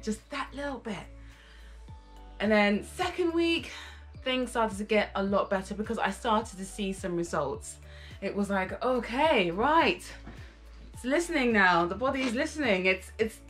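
A woman's voice: mid-range voice, a bit bright. A woman vlogging in a chatty, effusive way, full of exclamations about her workout experience. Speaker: fitness vlogger. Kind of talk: casual vlog talk.

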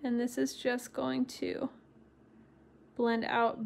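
A woman's voice: fairly high pitch, level tone, slow pace, creaky, a little mellow. A woman teaching a live-streamed craft tutorial, chatty and encouraging, chatting with viewers and laughing often. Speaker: watercolor stamping instructor.

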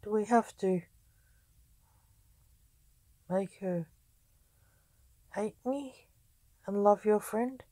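A joking young highwayman, read by a woman trades sardonic banter in a mellow, unhurried voice. The sound is close and dry. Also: dry recording. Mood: exasperated. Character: quick-witted young male highwayman, wry joker.

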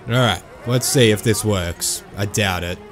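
A man giving jokey let's-play commentary, excitable and breaking into sudden high yelps. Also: a little slow, faint music behind. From Australia. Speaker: gaming YouTuber.

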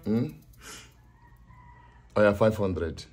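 A man's voice: on the low side, extremely slow, darkish tone, soft background music. An actor with a Nigerian accent playing a desperate young man who keeps begging and coaxing his girlfriend. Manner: pleading, coaxing. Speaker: pleading boyfriend. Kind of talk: Nollywood drama acting.

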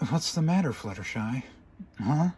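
A man's voice: mid-range voice, lively intonation, unhurried, warm tone, slight background noise, lightly acted. A man doing a brash tomboy pegasus, coaxing. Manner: coaxing, casual. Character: brash tomboyish female pegasus pony, trying to soothe. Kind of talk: fan story reading.

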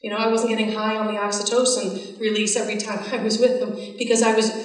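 A woman's voice: medium pitch, flat delivery, fast. A woman giving a personal faith testimony, telling her story earnestly and acting out the lines she quotes. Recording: echoey hall from far off.

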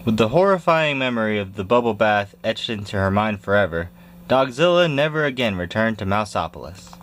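A man reads a children's picture book aloud in a fairly low voice. His delivery is expressive and swings widely up and down, playing up the story's drama. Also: brisk, slight background noise. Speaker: storybook reader.

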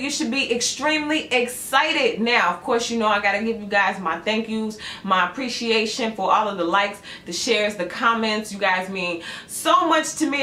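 A woman doing a casual tarot reading for her channel, chatty and animated as she tells a story. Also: a little high. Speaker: tarot reader. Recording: echoey room with faint noise.

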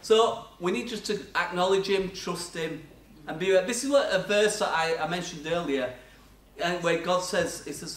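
An older man's high-pitched, slightly bright voice moves at a moderate pace as he preaches in a church hall. He recounts chatty stories of his own life with self-deprecating laughs, recorded from far off with an echoey church sound.

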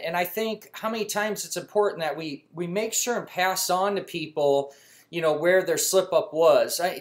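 Man, vlog host, casual anecdote, chatty with lots of "uh" and restarts, fairly high-pitched. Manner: chatty, many fillers and restarts; animated when quoting himself. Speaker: mechanic channel host. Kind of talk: casual storytelling to camera.

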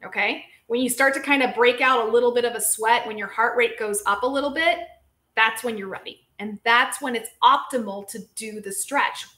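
A lively, chatty woman hosts a casual live-stream question session, speaking as a physical therapist. Her voice sits a little high, and she keeps turning to her viewers as she talks. The sound carries a noticeable echo of the room around her. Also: moderate pace. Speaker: physical therapist and show host.

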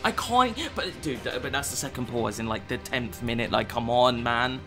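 A man's voice: mid-range voice, moderate pace, pushed and bright, faint music behind. A young man giving sweary, exasperated commentary over his own video game match. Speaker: gaming YouTuber. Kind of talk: gameplay commentary.

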